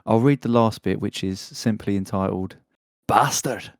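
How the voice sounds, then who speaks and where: A man's voice: on the low side, fairly even intonation, normal speed, creaky, a little mellow, smooth, no echo, studio quality. A man hosting a casual podcast, joking and rambling while reading a news story aloud. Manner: joking, rambling, laughs often. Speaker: podcast host.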